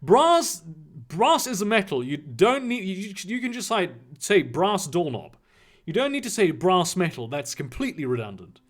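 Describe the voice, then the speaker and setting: A man's voice: high voice, big pitch swings, moderate pace. A man reading fan fiction aloud and mocking it with crude, sarcastic commentary and frequent swearing. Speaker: reader and commentator.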